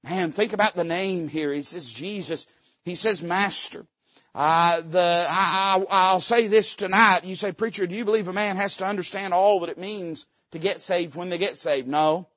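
Brief: male pastor, high voice, fervent folksy sermon delivery, dry and slightly dull recording. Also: moderate pace, dry recording. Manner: fervent, folksy, with sudden loud rises and dips. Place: church sanctuary.

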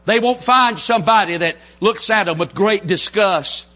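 A middle-aged Southern preacher with a North Carolina drawl, his voice pitched high, bright and a little husky. He preaches with fervor, dropping to a near hush and then climbing to full shouts. It sounds like a sermon delivered from a church pulpit. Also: moderate pace. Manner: fervent, builds to shouts, drops to soft intimate lows. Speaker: pastor. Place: church sanctuary.

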